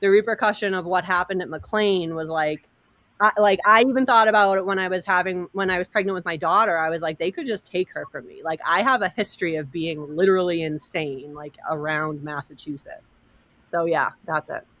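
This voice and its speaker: Bright, animated woman telling a story. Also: fairly low pitch, brisk. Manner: animated, laughing often, acting out quotes. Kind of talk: casual storytelling chat.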